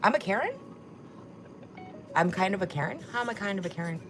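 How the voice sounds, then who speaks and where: A woman's voice: medium pitch, lively intonation, fairly quick, background noise. Sassy, swearing woman livestreamer. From Korea. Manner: sassy, mocking, swears a lot. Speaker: livestream host. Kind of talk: casual livestream chat reading comments.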